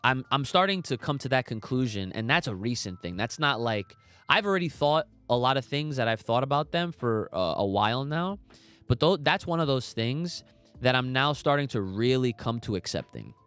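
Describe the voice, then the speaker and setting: A man's voice: mid-range voice, lively intonation, moderate pace, fairly bright tone, smooth. A young man hosting a casual podcast livestream, talking emphatically in slangy, swearing rants and reading out chat comments. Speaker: podcast host.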